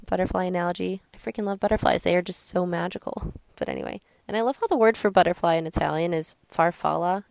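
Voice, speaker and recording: Young woman, podcast host, personal storytelling, candid, chatty, smooth voice, dry close sound. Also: on the low side, darkish tone, dry recording. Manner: candid, chatty, full of fillers like "like" and "you know".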